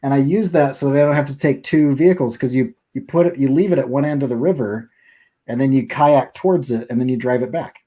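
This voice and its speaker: Mellow-voiced man telling a story. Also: medium pitch, quick pace. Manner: animated anecdote-telling, laughs between lines. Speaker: live stream host. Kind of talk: casual storytelling chat.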